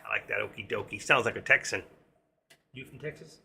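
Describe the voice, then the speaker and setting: A man's voice: lowish voice, a little fast, gravelly, bright, forceful tone, slightly rough. A middle-aged man with a New York accent, chatting casually on his trading live stream and reading viewer comments aloud.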